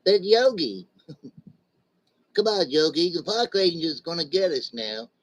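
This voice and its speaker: A man doing a high, gravelly little cartoon bear cub. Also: lively intonation, unhurried, heavily acted, poor audio. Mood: worried. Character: small timid cartoon bear cub sidekick.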